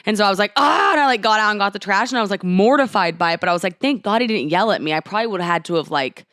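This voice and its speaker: A woman's voice: mid-range voice, racing, dry recording, studio quality. A woman in her twenties co-hosting a podcast, telling stories in casual chat and acting out quotes. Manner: chatty storytelling, animated quoting. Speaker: podcast co-host.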